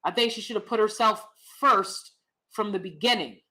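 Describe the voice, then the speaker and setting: A woman's voice: mid-range voice, moderate pace, bright, forceful tone. A woman, hosting a casual opinionated livestream, blunt and sassy, laughing often. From United States. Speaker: livestream host reading chat.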